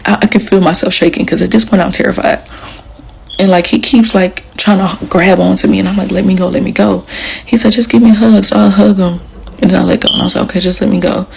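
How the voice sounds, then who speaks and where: A woman's voice: mid-range voice, gravelly, a little mellow, slightly rough, low-quality recording. A young adult woman casually telling a personal story, chatty and leaning on "like" as she acts out what people said. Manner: chatty, leans on "like", acts out quotes. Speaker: storyteller sharing a personal account.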